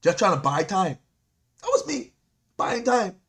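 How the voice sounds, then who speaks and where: A Caribbean-accented man preaching a sermon as a deacon, his voice sitting somewhat high. He talks in a lively, repetitive way, circling back on his words and chuckling between points. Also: measured pace, vocal fry. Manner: animated, repetitive, laughing preacher.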